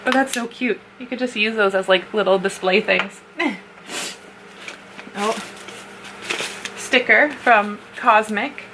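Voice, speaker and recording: A woman's voice: medium pitch, slow, long pauses. A young woman from North America chatting casually as she unboxes a gift box, often laughing and squealing at cute things. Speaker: vlogger. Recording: noisy home recording.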